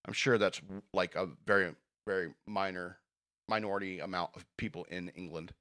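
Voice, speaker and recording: A man's voice: sits low, fairly even intonation, normal speed, pushed and bright. A man hosting a podcast, reading news stories aloud and giving blunt, sarcastic opinions with frequent fillers. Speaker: podcast host.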